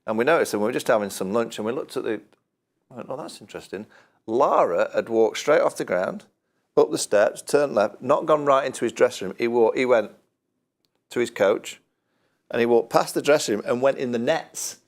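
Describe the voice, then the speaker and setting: A man with a fairly low voice, a cricket pundit telling an anecdote in a casual studio chat. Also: brisk. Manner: storytelling with laughs, restarts.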